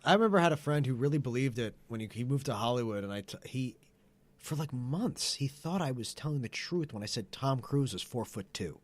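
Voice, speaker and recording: Animated man telling deadpan tall tales. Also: medium pitch, a little fast. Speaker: podcast co-host. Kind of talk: casual comedy chat.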